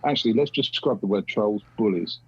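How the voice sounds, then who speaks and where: Husky man, blunt and sweary, muffled video call sound. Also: on the low side, a little fast. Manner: blunt, sweary, plain-spoken. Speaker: podcast guest, video creator. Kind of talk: casual chat over video call. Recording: dull lo-fi video call audio.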